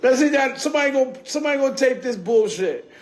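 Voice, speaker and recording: High-voiced man ranting on a phone stream. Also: animated, fast, faint music behind. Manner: profane, streetwise, keeps checking in with "you heard?". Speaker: livestreamer. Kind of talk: rambling livestream storytelling.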